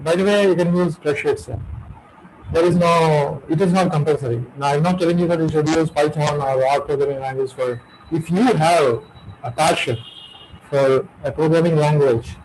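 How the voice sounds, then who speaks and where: Emphatic lecturer, slightly high voice. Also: male voice, a little mellow, a little hiss or hum, poor audio. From India. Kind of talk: webinar lecture.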